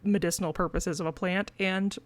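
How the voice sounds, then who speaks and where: A woman's voice: fairly low pitch, fairly even intonation, a little fast, no room sound. A woman with a Missouri accent co-hosting a podcast in casual chat, full of fillers and laughing between points. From Missouri, USA. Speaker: podcast co-host.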